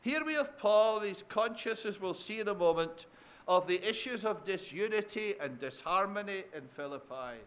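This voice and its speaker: A high-pitched man preaches at normal speed, his tone fairly bright. Phrases come back again and again for effect, and he checks in with tag questions to the congregation, whom he calls his dear friends.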